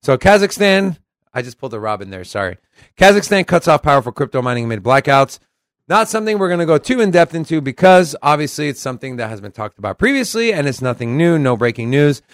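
A man's voice: on the high side, fast talker, no room sound, studio quality. A man co-hosting a crypto podcast in casual chat, reading news articles aloud and commenting in a brash, profane way. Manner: brash and profane, animated when reading quotes. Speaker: podcast co-host.

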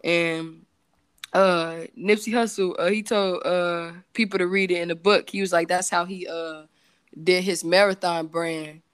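Smooth-voiced woman chatting candidly. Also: fairly low pitch, fairly even intonation, a little slow, no room sound. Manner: rambling, loose and candid, with many fillers and self-corrections. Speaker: podcast guest, entrepreneur and singer. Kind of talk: casual chat.

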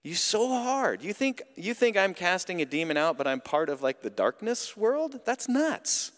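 A man's voice: sits high, huge pitch swings, normal speed, fairly bright tone, voice pushed up, heavily acted. A man voicing a blunt, exasperated adult male teacher, with casual, incredulous retorts. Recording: long hall reverb.

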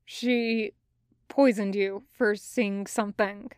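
Woman reading as a hoarse, halting young male cadet. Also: on the high side, fairly even intonation, dry recording, studio quality. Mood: strained.

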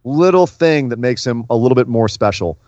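A man's voice: mid-range voice, lively intonation, a little fast, darkish tone, no echo, lo-fi sound. A man co-hosting a casual wrestling talk show, chatty and prone to repeating words as he starts a thought. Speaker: podcast co-host.

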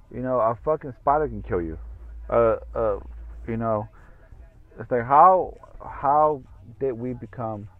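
Speaking medium-pitched with no echo, a man runs a solo podcast where he meanders, curses a lot, and fills gaps with ums and uhs. The sound quality is thin and phone-like.

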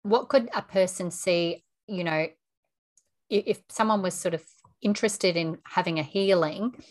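A woman's voice: on the low side, measured pace. A woman host asking questions and reacting with encouraging interjections. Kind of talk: casual interview chat.

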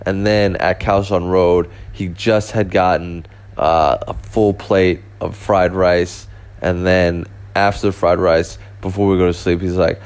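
A man's voice: deep voice, level tone, measured pace, clear, resonant tone. A young man hosting a podcast, telling travel stories in a casual, rambling way full of fillers and restarts. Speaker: podcast host.

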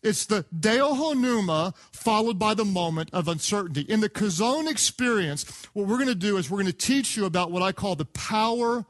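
A man preaching a sermon, an animated storyteller who acts out the voices of the people in his stories. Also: sits high, normal speed, few pauses. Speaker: pastor. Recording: sermon clip played from archive.

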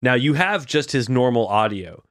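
A man's voice: mid-range voice, expressive, moderate pace, fairly bright tone, dry recording, clean studio sound. A man co-hosting a podcast, eagerly recapping scenes in casual chat and swearing freely. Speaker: podcast co-host.

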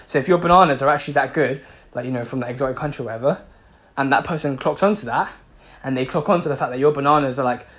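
A man's voice: mid-range voice, fast talker, a bit bright. A man giving a passionate motivational talk, repeating himself for emphasis and swearing freely. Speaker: motivational speaker.

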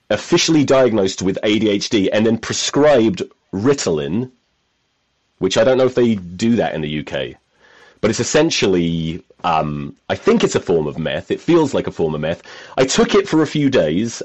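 A man's voice: on the low side, darkish tone. A man hosting a podcast, telling rambling, self-mocking stories in casual chat and swearing freely. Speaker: podcast host.

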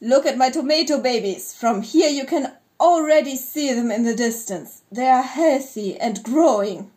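A woman's voice: high-pitched, very animated, measured pace. A woman voicing a proud male alien gardener who calls his plants his children, speaking in a grand, self-assured manner.

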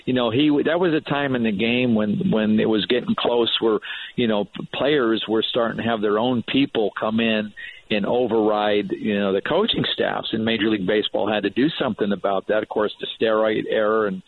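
A man's voice: lowish voice, steady tone, moderate pace. A man, a baseball coach, talking casually on a radio show, rambling with many restarts and fillers. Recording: tinny phone line with faint noise.

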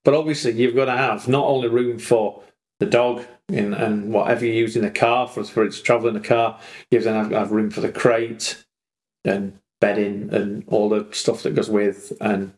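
A man co-hosting a podcast, chatting in an animated way and voicing his dogs for laughs. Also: on the low side, moderate pace, echoey room, rough recording. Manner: animated, acts out his dogs' voices. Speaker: podcast co-host. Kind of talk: casual chat.

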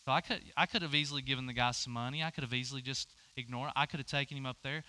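A man's voice: medium pitch, fairly even intonation, racing, pushed and bright. A man preaching a sermon, telling a personal story and acting out both sides of the conversation. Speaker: pastor.

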